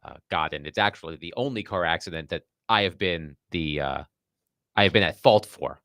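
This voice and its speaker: A man's voice: sits low, moderate pace, fairly bright tone, no echo, clean studio sound. A man co-hosting a radio show, chatting casually and joking. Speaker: radio co-host.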